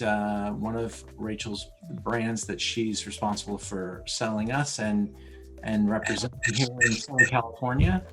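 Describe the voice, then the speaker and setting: A man hosting an online wine tasting over a video call, casual and full of ums and uhs. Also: lowish voice. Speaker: host.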